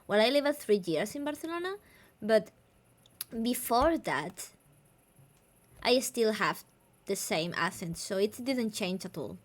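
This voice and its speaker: A woman from southern Spain with a Spanish accent, a native Spanish speaker, chatting casually as a streamer, laughing often and switching between English and Spanish. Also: mid-range voice. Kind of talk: casual chat.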